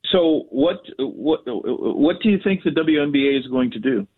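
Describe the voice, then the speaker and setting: A man's voice: a little high, animated, normal speed, breathy edge. Laid-back man on a tinny phone line. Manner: casual, rambling, laid-back.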